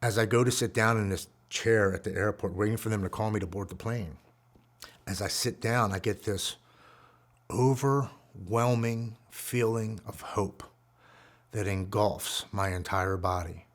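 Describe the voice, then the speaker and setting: A man in his forties telling his own recovery story in an earnest, emotional way, dropping to a hushed voice at the heavy moments. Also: lowish voice, unhurried. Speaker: guest speaker.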